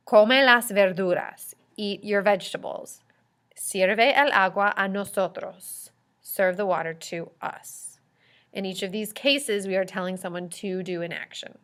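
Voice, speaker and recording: A woman with a bright, clear voice teaches a recorded grammar lesson. She reads Spanish example phrases and follows each with a careful explanation. Her pitch sits in an ordinary middle range, and her delivery is steady and patient. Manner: explains slowly, switching between Spanish examples and English explanations.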